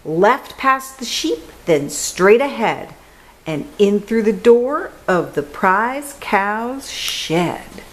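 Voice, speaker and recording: A woman voicing two sly male thieves quietly going over their plan, in a picture book read-aloud. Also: medium pitch, very animated. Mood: scheming. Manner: hushed, scheming, slow.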